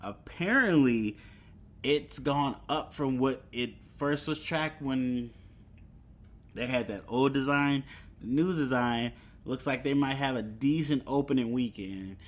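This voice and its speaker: A man's voice: mid-range voice, unhurried. A young man hosting a solo podcast, chatting casually about movie news with fillers and chuckles. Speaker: podcast host.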